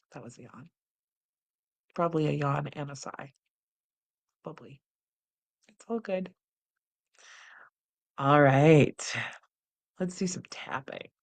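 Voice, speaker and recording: A woman hosting a guided wellness practice, calm and unhurried, describing her body sensations as she goes. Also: low voice, vocal fry. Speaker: host leading a guided practice.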